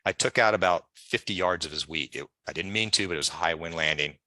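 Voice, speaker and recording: A man's voice: low-pitched, fast talker, sharp tone, dry recording. A man guest in an interview, telling long casual stories and acting out the people he quotes. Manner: chatty, digressive, acts out quoted voices. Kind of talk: animated storytelling in conversation.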